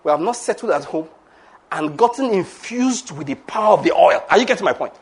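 A middle-aged pastor delivers an emphatic sermon in a church, pressing his listeners with repeated questions. His voice sits high for a man and has a husky, breathy edge. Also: animated, a little fast. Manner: emphatic preaching with rhetorical questions.

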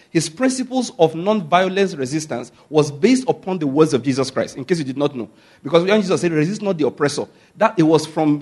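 A man preaching a sermon, who keeps asking his listeners whether they follow him. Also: on the high side.

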